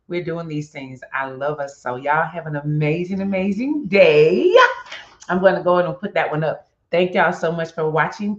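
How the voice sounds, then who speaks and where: A woman hosting a daily devotional video, chatting excitably with bursts of laughter and then praying slowly and earnestly. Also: deep voice. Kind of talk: casual chat and spoken prayer. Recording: roomy, dull lo-fi sound.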